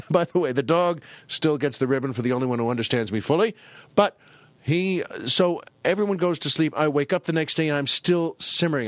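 Middle-aged male host, fairly high voice, dry close mic, rambling self-mocking storyteller. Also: no echo. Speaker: podcast host. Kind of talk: casual storytelling monologue.

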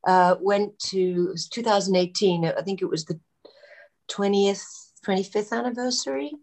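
A woman's voice: medium pitch, normal speed. A middle-aged actress chatting as a guest, telling an anecdote casually and acting out the voices of people she quotes. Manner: animated, acts out quoted voices, many fillers. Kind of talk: casual storytelling chat.

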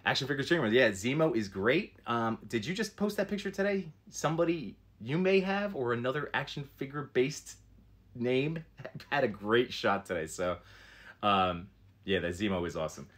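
A man's voice: mid-range voice, expressive, normal speed, a bit bright. Chatty man rambling about toys. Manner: chatty, rambling, answers viewer chat, many fillers. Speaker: toy collector streamer. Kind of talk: casual live-stream chat.

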